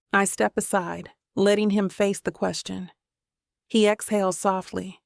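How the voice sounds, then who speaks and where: Lady reading a romance audiobook, bit of vocal fry, super dry close mic. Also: medium pitch, little pitch movement, measured pace, darkish tone, no room sound. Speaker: audiobook narrator. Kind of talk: first-person romance audiobook narration.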